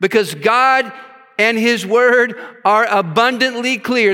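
A man's voice: very high voice, sharp tone, smooth. A man preaching a sermon, reading scripture aloud and stopping to stress words with his own asides. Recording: long hall reverb.

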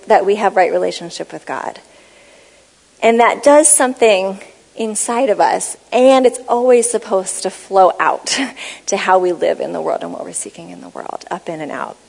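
A woman giving a teaching talk, explaining Bible words and reading passages aloud in a measured, explanatory way. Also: mid-range voice, creaky, big-room sound, poor audio. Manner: measured, explanatory, reads scripture aloud slowly. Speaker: speaker on Bible study.

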